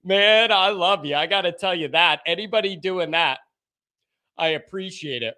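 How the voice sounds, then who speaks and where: A man hosting a live fan call-in stream, talking loudly and excitedly with yelling bursts. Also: sits high, moderate pace. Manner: loud, animated, yelling bursts.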